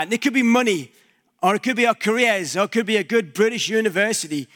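A man's voice: sits high, fast talker, fairly bright tone. A male pastor giving a conversational sermon in a church, using props and everyday examples.

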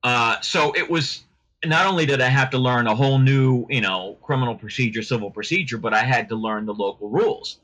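A man's voice: medium pitch, fairly quick, a bit bright, rough recording. A middle-aged man, a lawyer, talking as a podcast guest in a rambling, chatty way with frequent restarts. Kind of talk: casual podcast interview.

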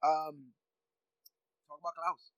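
Man, slightly high voice, dry close sound, thoughtful, casual review chat, lots of ums. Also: little pitch movement, takes it slowly, no room sound, lo-fi sound. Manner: thoughtful, reflective, frequent filler ums. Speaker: podcast co-host.

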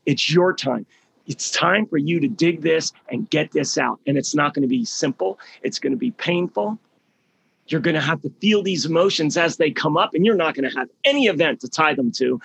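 A man's voice: fairly high pitch, creaky, fairly bright tone, slightly rough. A middle-aged man leading a healing program, giving a motivational talk with emphatic storytelling and words repeated for stress.

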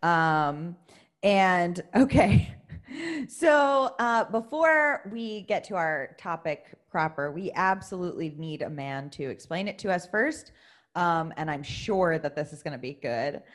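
A woman's voice: on the low side, expressive, unhurried. A woman co-hosting a podcast in casual, playful chat. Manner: playful, laughs often. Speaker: podcast co-host.

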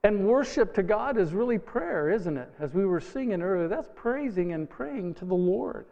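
A male pastor preaches in a conversational, emphatic way, tossing in lively asides. His voice sits fairly high. The sound is a little dull, with long reverb from a church sanctuary. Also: moderate pace, gravelly. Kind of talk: sermon.

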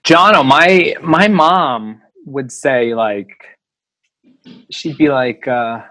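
A man's voice: medium pitch, very slow, bright, forceful tone, no echo. Man asking questions in a dry recording. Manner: reactive, asks questions. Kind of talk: casual chat.

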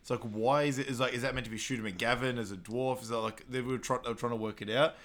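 Bright-voiced man recapping a film. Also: medium pitch, fairly even intonation, fast talker, slight background noise. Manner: laughs often, acts out quotes loudly. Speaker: podcast co-host. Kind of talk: casual chat recapping a film.

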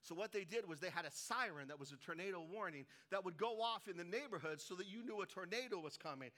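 Here the middle-aged pastor from Colorado, United States, talks fast in a high voice. His sermon is animated storytelling, packed with jokes and characters he voices himself.

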